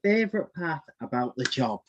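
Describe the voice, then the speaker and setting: A man's voice: a little high, big pitch swings, normal speed. A man interviewing a radio presenter. He reads out numbered questions and answers in short replies. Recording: dull lo-fi sound.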